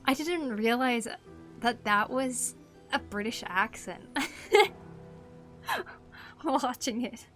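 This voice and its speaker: A woman's voice: on the high side, slow pace, pauses often, fairly bright tone, soft background music. A young woman chatting casually while she draws on a live stream, giggling often and reacting to her chat. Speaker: art streamer.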